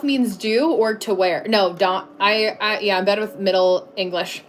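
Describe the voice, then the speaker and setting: A woman's voice: medium pitch, a little slow, a little hiss or hum. A woman in her thirties chatting casually on a livestream, answering viewers with lots of fillers and restarts.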